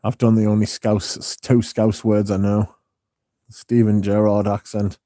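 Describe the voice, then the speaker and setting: Low, mellow-voiced man rambling. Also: little pitch movement, unhurried, no room sound, clean studio sound. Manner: rambling, profane, reading out chat. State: starting a sore throat. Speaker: livestream host. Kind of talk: casual livestream chat.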